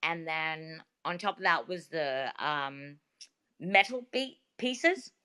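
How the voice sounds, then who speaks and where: A woman with an Australian accent, a guest telling stories in a chatty, animated way full of fillers, over a video call. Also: deep voice, slow pace, clean tone. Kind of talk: casual interview talk.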